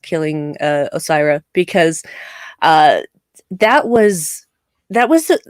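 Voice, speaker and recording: A woman in casual chat on a live discussion show, animated and acting out quoted lines. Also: low-pitched, takes it slowly, dry recording, studio quality.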